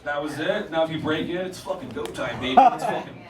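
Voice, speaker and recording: A man's voice: on the high side, lively intonation, brisk. A young man doing a profane, self-deprecating stand-up comedy set in a small theater, acting out other people's voices. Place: small theater, live audience. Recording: roomy live room mic from a distance, loud crowd laughter. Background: audience laughter.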